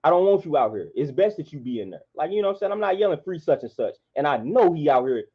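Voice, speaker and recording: A man's voice: fairly high pitch, very animated, fast, slightly rough. A man, delivering an impassioned monologue in a preachy, repetitive, emphatic way. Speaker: vlogger. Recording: dull lo-fi sound.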